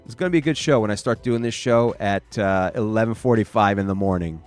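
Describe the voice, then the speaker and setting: A man's voice: lowish voice, fairly quick, soft background music. A sleepy man hosting a rambling late-night solo podcast from a small home studio, drifting off topic and ranting at himself. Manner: scattered, self-deprecating ranting. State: tired and sleepy. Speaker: podcast host.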